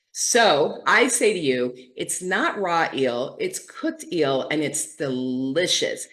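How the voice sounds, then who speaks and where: Lively woman host, lowish voice. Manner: animated, lively storytelling with playful quoted asides. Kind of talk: casual teaching talk.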